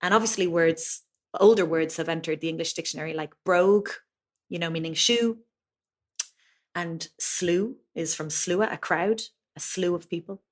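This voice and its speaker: A woman's voice: lowish voice, normal speed. A woman with an Irish accent, a language teacher being interviewed, explaining things patiently with plenty of examples. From Ireland. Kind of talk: conversational interview.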